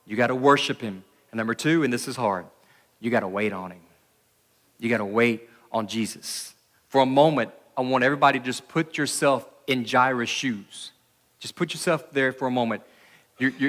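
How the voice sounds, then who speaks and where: Preacher in a reverberant church hall. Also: male voice, fairly high pitch. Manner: conversational, acts out the people in the story with lively voices. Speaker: pastor. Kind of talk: sermon.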